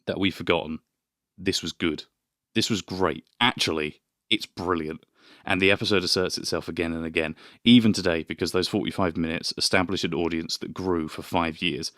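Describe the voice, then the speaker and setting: A young man with a low, deep voice co-hosts a casual podcast and often reads passages aloud. He laughs easily. The sound is dry and close, with no room echo. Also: a bit bright. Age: young adult. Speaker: podcast co-host. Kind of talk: casual chat, reading aloud.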